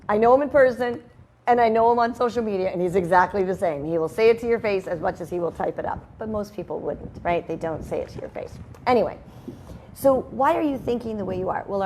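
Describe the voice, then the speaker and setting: A woman talks into her microphone at home in a loose, chatty self-help monologue, drifting into sidebars and back again. Her voice sits at a middling pitch for a woman. A faint background noise runs under her. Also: a little mellow. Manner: chatty, rambling, with sidebars and laughs. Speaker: host. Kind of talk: casual motivational talk. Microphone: headphones and microphone at a video call setup.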